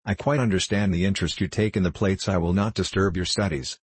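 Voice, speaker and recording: A man's voice: deep voice, steady tone, quick pace, breathy edge, dry recording. A man reading the part of a shrewd, teasing musketeer captain who gives orders. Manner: bantering, commanding.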